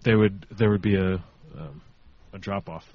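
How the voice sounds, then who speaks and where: A man's voice: deep voice, moderate pace, breathy edge, no room sound, phone-quality sound. A man in his twenties co-hosting a podcast, chatting casually, hesitant and self-deprecating. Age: 20s. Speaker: podcast co-host. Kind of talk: casual chat.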